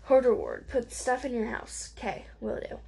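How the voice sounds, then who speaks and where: A woman's voice: on the high side, wildly swooping pitch, normal speed, vocal fry, mellow. A woman chatting through a life-sim game, tired, chatty and easily sidetracked, mocking herself as she plays. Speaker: gaming video creator. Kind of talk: casual gameplay commentary.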